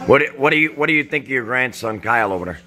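Bright-voiced joking middle-aged dad. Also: male voice, mid-range voice, expressive, racing, faint music behind. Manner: joking, teasing, mock-offended. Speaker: host and father. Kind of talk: casual chat.

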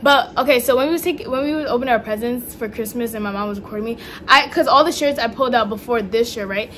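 A young woman chatting casually in a home vlog, excitable and gushing, full of slang, with faint noise in the background. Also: fairly high pitch, fast. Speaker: vlogger. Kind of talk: casual haul vlog chat. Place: home room at night.

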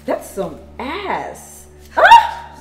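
A woman's voice: high voice, wildly swooping pitch, drawn-out words, full character voice. A woman with a Nigerian accent playing a jealous wife who sarcastically taunts her pastor husband in a film scene. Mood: mocking. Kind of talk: Nollywood film acting.

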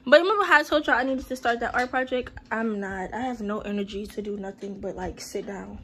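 A teenage girl chatting casually to her viewers in a vlog, her voice hoarse and worn from cheering and a little out of breath. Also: medium pitch, brisk, a bit bright, slight background noise. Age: late teens. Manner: chatty, talks straight to viewers. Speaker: vlogger.

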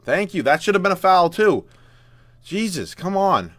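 A man commentating his own basketball video game as he plays, swearing, groaning and yelling at bad plays. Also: high voice, big pitch swings, normal speed, no room sound. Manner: frustrated, loud outbursts at the game. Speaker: gaming YouTuber. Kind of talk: live gameplay commentary.

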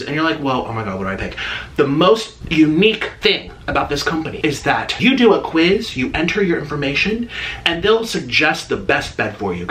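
A man's voice: a little high, sharp tone, a little hiss or hum. A man doing a sponsored vlog segment before a food challenge, chatting in a campy, theatrical, playful way. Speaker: mukbang vlogger.

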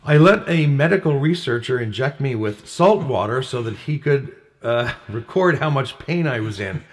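A man's voice: medium pitch, animated, moderate pace. A man co-hosting a casual talk show, reading out facts and list items and chuckling often. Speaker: co-host.

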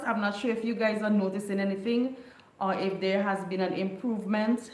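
A woman's voice: mid-range voice, fairly even intonation, a little fast, darkish tone, roomy sound. A woman from a Caribbean island, hosting a casual livestream chat, greeting viewers by name and laughing often. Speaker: livestream host.

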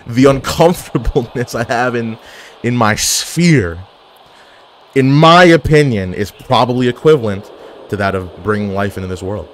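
A man commentating his own online wrestling game, jokey and excitable, full of trash talk, swearing and wrestling slang. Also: mid-range voice, moderate pace. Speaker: gaming video creator.

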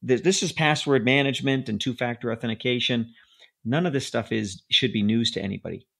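A man's voice: mid-range voice, a little fast, creaky, a bit bright, breathy edge. Emphatic man ranting about security. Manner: ranting, emphatic, repeats words. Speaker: podcast co-host. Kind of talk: casual security podcast chat.

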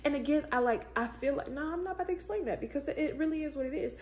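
A woman's voice: high-pitched, fast, darkish tone. Emphatic woman musing on faith, echoey room. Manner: exclamatory, breaks into praise, informal and emphatic. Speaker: vlogger, show host. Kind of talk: casual faith-based reflection. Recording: echoey room with faint ambient noise.

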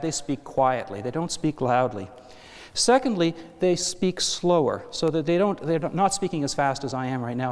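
A man giving an academic lecture to an audience, explaining step by step with asides and self-corrections. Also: on the high side. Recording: hall reverb.

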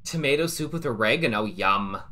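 A man's voice: medium pitch, lively intonation, normal speed, bright, forceful tone. A man streaming a game live, chatting casually and joking with viewers and a teammate. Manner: chatty, jokey, thanks viewers mid-game. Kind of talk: casual live-stream chat while playing.

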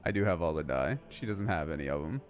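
A man's voice: very deep voice, lively intonation, quick pace, faint music behind. A man streaming a game, chatting casually, swearing and joking.

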